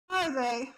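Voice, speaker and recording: A woman with a very high voice reacts to a fan game on stream. She drags her words out slowly, swears freely and swings between loud shouting and near tears. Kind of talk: emotional reaction commentary.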